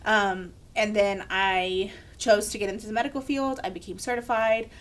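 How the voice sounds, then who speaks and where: A young woman co-hosting a podcast tells a candid personal story in a medium-pitched voice at normal speed. She's animated, acting out the quoted voices as she goes.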